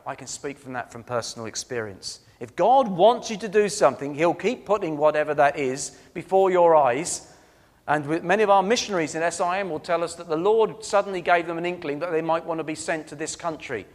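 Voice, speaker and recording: A man delivers a sermon with a somewhat high voice, telling stories earnestly and leaning hard on key words before dropping soft. His voice rings out with the long reverb of a church hall. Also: fairly quick. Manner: earnest, storytelling, emphatic swings between loud and soft. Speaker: preacher.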